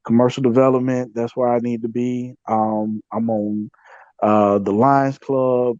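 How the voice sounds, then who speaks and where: A man's voice: mid-range voice, little pitch movement, measured pace, a little mellow, no room sound, dull audio. A man, a podcast guest, telling a story in a loose, conversational way with many fillers and repeated phrases. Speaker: podcast guest, community activist. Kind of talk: casual storytelling interview.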